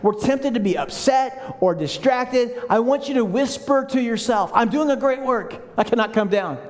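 Male pastor, higher voice, lively sermon with acted-out quotes and call-and-response, long church reverb. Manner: animated, acts out voices of the people he quotes; leads the congregation in call-and-response. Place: large church hall.

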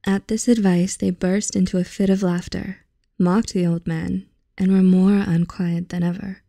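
Soft-spoken young woman reading aloud. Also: lowish voice, level tone, gravelly, dry recording, clean studio sound. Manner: soft, unhurried, often half-whispered. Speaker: channel host reading aloud. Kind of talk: reading a fairy tale aloud.

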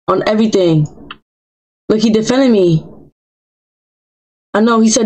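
Woman gaming on stream, teasing the characters, slangy and playful, middle pitch. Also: moderate pace, long pauses, poor audio. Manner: chatty and teasing, talks back to game characters in slang. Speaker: game streamer. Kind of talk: playful live gameplay commentary.

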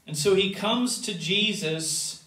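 A man preaching a sermon as pastor, swinging from loud emphatic rises to quiet low asides. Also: slow, echoey room, far from the mic. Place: church sanctuary.

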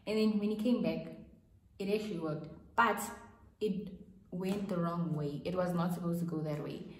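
A woman's voice: on the low side, steady tone, normal speed, a little hiss or hum. A young adult woman telling a storytime vlog in a chatty, rambling way with frequent restarts. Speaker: vlogger. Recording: echoey room.

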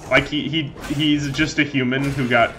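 A man's voice: medium pitch, fairly even intonation, moderate pace. A man giving loose, joking let's play commentary while he plays, often losing his train of thought. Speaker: gaming channel host.

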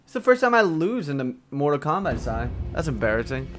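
Loud, excitable young gamer guy. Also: fairly high pitch, a little fast. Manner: excitable, swearing, yelling at the game. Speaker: gaming YouTuber. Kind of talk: let's play commentary. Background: loud game music and fight sounds.

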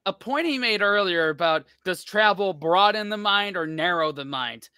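A joking guy chatting casually, his voice high, bright and crisp. The sound is dry and close, with no room echo. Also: animated, moderate pace. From United States. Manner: joking, offhand. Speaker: reaction video host. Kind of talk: casual chat.

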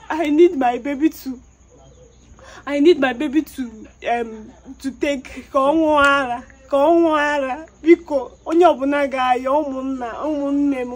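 A woman with a Nigerian accent, crying as she desperately begs and repeats herself in a public appeal. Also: high-pitched. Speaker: mother pleading publicly.

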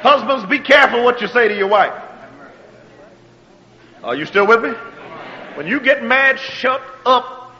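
A man with a very high, bright, forceful voice preaches a sermon, trading quiet, drawn-out lines for shouted exhortations. He keeps asking whether the congregation is listening. The sound rings through a large reverberant hall and comes across slightly dull. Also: expressive. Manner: call-and-response preaching, asks if the congregation is still with him.

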